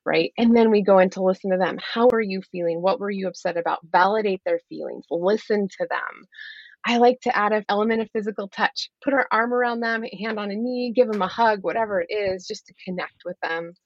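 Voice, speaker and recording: A woman guest talks earnestly and explains her approach step by step. Her voice sits at an everyday pitch. The audio is dry and a little dull and lo-fi. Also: a little fast, no room sound. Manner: earnest, explanatory, acts out what she says to her kids. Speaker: guest, life coach. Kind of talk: podcast interview.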